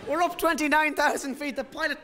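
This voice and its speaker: Irish comic in his thirties, fairly high voice, rambling live stand-up with faint hiss. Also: steady tone, a little fast. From Ireland. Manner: rambling, self-interrupting storytelling. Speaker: stand-up comedian. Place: stage in a live comedy venue.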